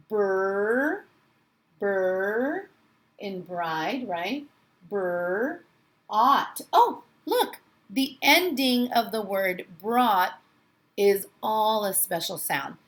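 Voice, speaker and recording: A woman teaching young children phonics from home, in a sing-song, exaggerated teacher voice, spelling out letters slowly. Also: medium pitch, fairly bright tone. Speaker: kindergarten teacher. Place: her home.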